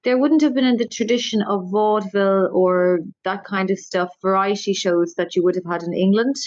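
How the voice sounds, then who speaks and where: A woman's voice: medium pitch, brisk, no echo, lo-fi sound. A woman with an Irish accent, a stand-up comedian talking in a casual interview, rambling and self-deprecating. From Ireland.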